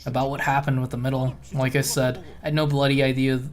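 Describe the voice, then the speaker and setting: A streamer doing a quick, clipped tough. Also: mid-range voice, flat delivery, lightly acted. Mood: blunt.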